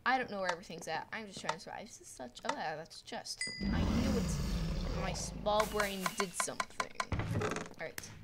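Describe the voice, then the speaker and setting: A teenage girl at home giving rambling, excitable commentary over her gameplay on a desktop mic, full of "like" fillers. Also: mid-range voice, fairly quick, heavy background noise. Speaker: gaming video creator. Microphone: desktop microphone.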